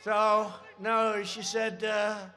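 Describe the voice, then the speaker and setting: A man giving a campaign rally speech at a podium microphone, rambling with sarcastic asides and shouted emphasis. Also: high voice, flat delivery, drawn-out words.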